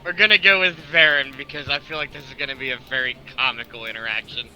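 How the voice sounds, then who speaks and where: A man's voice: mid-range voice, fast. A man running a tabletop game as game master, narrating with lots of laughter. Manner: animated, laughs often.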